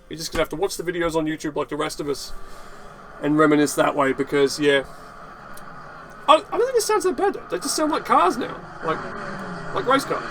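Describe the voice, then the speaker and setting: A man rants casually to his viewers, sarcastic and dismissive, with frequent swearing. His voice sits a little high for a man, and faint noise hums behind him. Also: fairly bright tone, rough recording. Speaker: video blogger. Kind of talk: casual ranting vlog.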